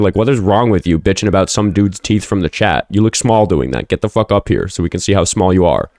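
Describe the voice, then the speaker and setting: A man's voice: deep voice, quick pace, hardly any pauses, a little mellow, no echo, clean studio sound. A man hosting a casual livestream, chatting and rambling, swearing freely and snapping back at commenters. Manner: profane, combative toward chat, rambling. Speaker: livestream host.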